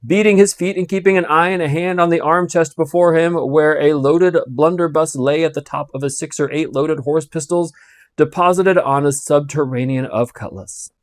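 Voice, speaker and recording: A man reading a classic novel aloud with expressive storytelling. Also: fairly high pitch, normal speed, dry recording, studio quality. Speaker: audiobook reader.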